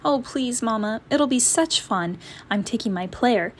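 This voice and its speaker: A woman's voice: fairly high pitch, expressive, unhurried, slight background noise. A woman voicing an eager little girl cub. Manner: pleading, bubbly.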